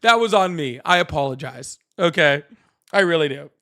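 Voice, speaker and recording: A high, bright male voice that swings widely in pitch. He hosts a live stream in a loose, excitable way, laughs easily and keeps thanking his viewers. The sound is close and direct. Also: normal speed. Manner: excitable, laughs often, thanks donors at length. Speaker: host of live political call-in stream. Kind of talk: casual live-stream chat.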